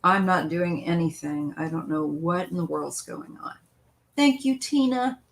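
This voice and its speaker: Slow, low-voiced woman reading tarot live. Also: creaky, slight background noise, rough recording. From western United States. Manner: chatty, meandering, greets viewers by name. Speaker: tarot reader hosting a live stream. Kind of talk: casual live-stream chat and tarot reading.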